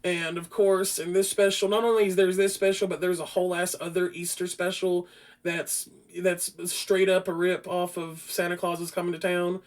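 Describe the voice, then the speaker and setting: High-voiced, profane rambling podcast host. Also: male voice, moderate pace. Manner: profane, rambling, frequent restarts; grows loud and animated. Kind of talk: casual rambling film review.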